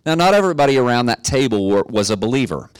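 A middle-aged man preaching a sermon, telling a story in a relaxed way and building to emphatic exhortation. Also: medium pitch, fast talker, smooth, no echo. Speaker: pastor.

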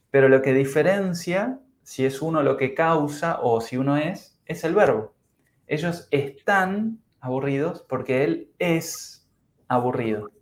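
A man with a South American Spanish accent, a native Spanish speaker, patiently explaining grammar as a co-host of a podcast lesson. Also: on the high side. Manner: patient explaining, chuckles at slips. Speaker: English teacher, podcast co-host.

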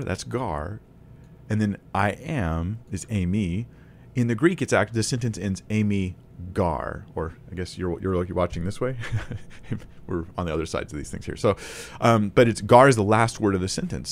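A man with a lowish voice teaches a Bible lesson to the camera. He keeps it casual and conversational, thinking aloud, restarting, and laughing a little.

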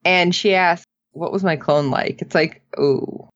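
A woman co-hosting a casual TV recap, animated, acting out characters' lines in funny voices. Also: lowish voice, measured pace, dry recording, highs cut off. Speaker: podcast co-host.

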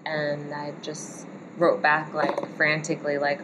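Very low, flat-voiced woman telling a story. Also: a little slow, few pauses, muffled recording, noisy background. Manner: relaxed, chatty storyteller. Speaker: tattoo artist. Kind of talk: casual storytelling chat.

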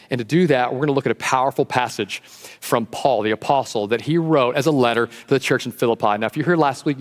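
A man preaching a sermon as pastor in a church, lively and animated, acting out the voices he quotes. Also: mid-range voice, in a large hall. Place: church sanctuary.

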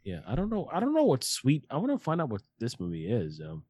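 A man's voice: mid-range voice, wildly swooping pitch, quick pace, mellow, breathy edge. A man in his late forties chatting casually with a friend about a movie, loose and profane in his banter. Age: 40s. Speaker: podcast co-host watching a movie. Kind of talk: casual chat.

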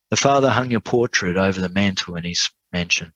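A low-voiced male preacher tells a sermon story earnestly and slows down to stress key lines. The sound is dry and close. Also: fairly bright tone, no echo, dull audio.

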